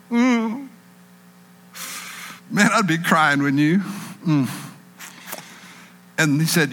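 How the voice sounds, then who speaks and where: A man preaching a sermon in an animated way, acting out panicked people in a raised voice. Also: a little high, a little slow, long pauses, in a large hall.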